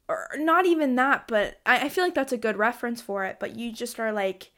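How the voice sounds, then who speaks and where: A bubbly young woman in her twenties chats through a solo podcast from her bedroom, her voice sitting a bit high. She rambles with plenty of fillers and bursts into giggles, easing into a softer, slower tone at times. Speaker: podcast host. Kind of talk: casual solo podcast chat.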